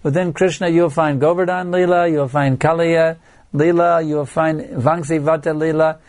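A man's voice: fairly high pitch, steady tone, moderate pace, darkish tone. An older man giving an earnest devotional lecture, exhorting his listeners and sometimes acting out chanting. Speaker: spiritual teacher.

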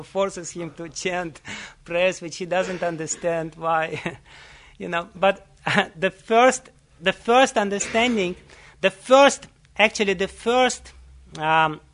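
A man giving a sermon, telling a story in an earnest way with frequent soft laughs and hesitant pauses. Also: sits high. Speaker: religious teacher.

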